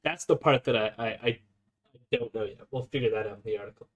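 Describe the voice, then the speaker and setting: A man's voice: mid-range voice, quick pace, highs cut off. A man hosting a casual live stream, reading an article aloud and commenting with fillers and self-corrections. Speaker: streamer host.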